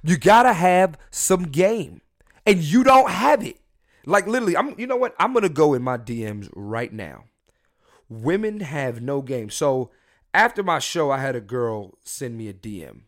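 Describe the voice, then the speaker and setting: A young man hosts a solo podcast from his room at home, drunk and high, ranting loosely and jokingly. Very animated at a moderate pace, he mumbles asides that erupt into loud, emphatic bursts.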